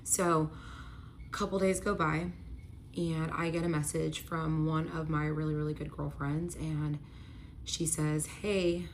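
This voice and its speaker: Young adult woman, casual storyteller, lowish pitch, chatty and filler-heavy. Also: flat delivery, measured pace, slight background noise. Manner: chatty, many "like" fillers, upset retelling.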